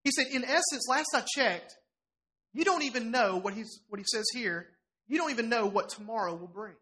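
A middle-aged man preaching a sermon to a congregation in a church, animated and challenging as he voices scripture. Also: extremely high pitch, normal speed. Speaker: pastor.

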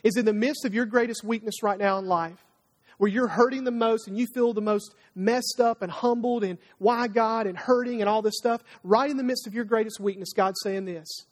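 A male pastor preaching a conversational sermon. He acts out prayers and God's answers in a lively, talkative way. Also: high-pitched, moderate pace. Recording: long reverb of a large hall.

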